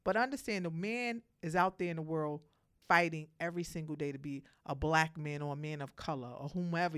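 A woman giving a motivational monologue to other women, speaking emphatically, telling animated stories and addressing her listeners directly. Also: low-pitched.

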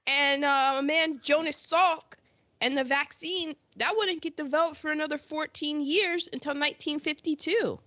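A woman's voice: high-pitched, fairly even intonation, normal speed, sharp tone, no room sound. Chatty woman with a dry, dull sound. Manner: chatty, laughs often, trails into asides. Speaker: podcast co-host. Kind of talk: casual chat about old films.

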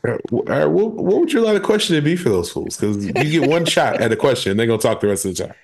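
A man's voice: medium pitch, sing-song, fast talker, vocal fry, darkish tone, slightly rough. A man on a podcast tossing out playful questions in casual chat. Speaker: podcast co-host.

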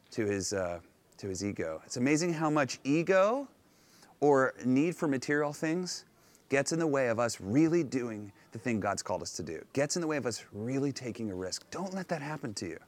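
A man preaching a sermon on location, retelling a Bible story in an animated, conversational way and acting out the characters' lines. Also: mid-range voice. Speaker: pastor. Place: outdoors on location.

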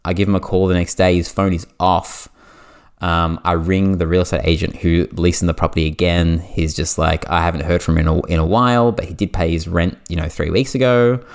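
An Australian man hosting a podcast, telling a story in casual chat, animated and full of "like" fillers. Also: low-pitched, clean tone. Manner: animated, fast anecdote with lots of "like" fillers. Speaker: podcast host.

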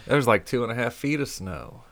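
A man's voice: mid-range voice, fairly quick, a bit bright. A man chiming in during a casual chat with short interjections, stammering as he defends himself.

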